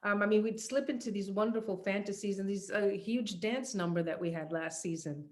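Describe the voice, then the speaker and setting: A woman's voice: mid-range voice, a little fast, a little mellow. A middle-aged woman answering interview questions about her acting work, talking casually with many fillers and restarts, and laughing easily. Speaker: actress being interviewed.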